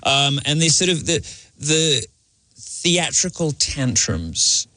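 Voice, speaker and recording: An Englishman with a softened received pronunciation accent, a studio guest talking in an arch, playful way with many ums and restarts. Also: on the high side, big pitch swings, slow pace, no echo. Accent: English received pronunciation, partly Americanized. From England. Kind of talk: casual radio interview talk. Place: radio studio. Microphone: studio microphone.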